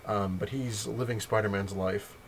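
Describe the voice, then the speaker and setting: Rambling low-voiced guy recapping comics. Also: fairly even intonation, moderate pace, a little hiss or hum. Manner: rambling, self-correcting, swears freely. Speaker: comic collector reviewing his haul. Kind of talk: casual vlog recap.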